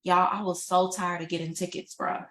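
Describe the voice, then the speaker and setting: A woman's voice: fairly low pitch, level tone, a little fast, fairly bright tone. A young woman from Chicago, a yoga and spiritual teacher, giving a casual live-stream talk in a chatty, informal way. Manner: chatty and informal, addresses viewers as "y'all".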